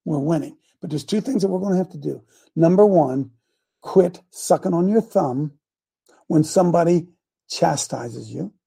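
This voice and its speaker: A man's voice: a little high, normal speed, vocal fry, mellow, husky. A middle-aged man hosting a call-in talk show, preaching and scolding his listeners in a combative way.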